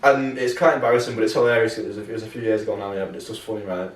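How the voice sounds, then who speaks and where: A man's voice: on the low side, very fast. A young man, co-hosting a podcast and telling anecdotes in a casual, swearing way. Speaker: podcast co-host. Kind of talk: casual chat. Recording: roomy, mic at a distance.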